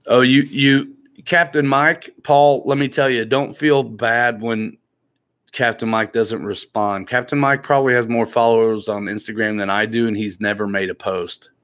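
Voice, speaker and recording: A man's voice: medium pitch, steady tone, normal speed, fairly bright tone. A man hosting a live stream in a laid-back, joking way, reading viewer comments aloud and teasing the people in the chat.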